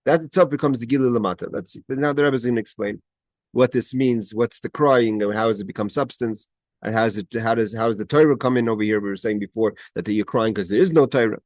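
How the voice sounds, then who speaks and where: A man teaches a Torah study class by video call, moving between Hebrew quotations and English explanation as he takes the text line by line. His voice is medium in pitch, recorded dry and close with no room sound. He often stumbles and restarts, then leans hard on the main points.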